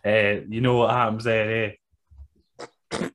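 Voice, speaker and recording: A man's voice: lowish voice, little pitch movement, slow, a bit bright. A man co-hosting a podcast, recapping wrestling in blunt, sweary casual chat and laughing often.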